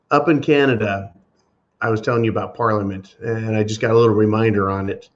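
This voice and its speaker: A man's voice: lowish voice, steady tone, fast, lo-fi sound. A man hosting a podcast, delivering a sarcastic, profane solo commentary rant. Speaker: podcast host.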